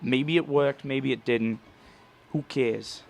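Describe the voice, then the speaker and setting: A man voicing a loud male sports fan with a Boston accent, ranting insistently. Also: medium pitch, slow pace, vocal fry, dry recording.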